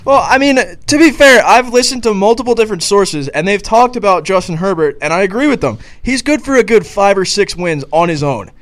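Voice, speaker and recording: Slightly high-voiced man leading a debate. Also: lively intonation, fairly quick, few pauses, a bit bright. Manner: leads the rankings, talks over others. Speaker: podcast co-host. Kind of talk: casual sports debate.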